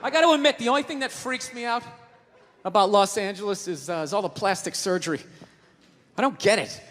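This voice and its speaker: A man doing a stand-up routine, ranting loudly and swearing a lot. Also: high voice, fairly quick. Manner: ranting, profane, loud and emphatic. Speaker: stand-up comedian. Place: comedy stage before a live audience. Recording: live stage recording, long reverb, audience noise.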